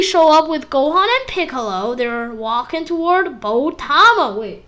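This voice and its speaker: A woman reviewing an anime episode in a casual, rambling way. She gets excitable, says "like" a lot and mimics the fight sounds. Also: high-pitched, unhurried.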